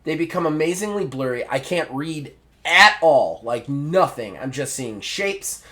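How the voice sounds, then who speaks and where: A man hosting a podcast, telling a story in a casual, animated way, swearing and acting out the dialogue. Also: a little high, a little slow. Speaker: podcast host.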